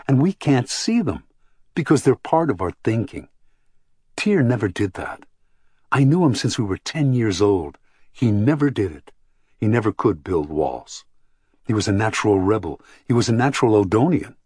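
A man's voice: lowish voice, darkish tone, breathy edge, no room sound, studio quality. A man reading the part of a passionate young idealist who argues intensely about freedom in an audiobook. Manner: impassioned, argumentative.

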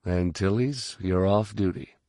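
A man voicing a calm, deadpan military general in an audiobook, measured and even. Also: sits low, no room sound, clean studio sound. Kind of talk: audiobook character voice.

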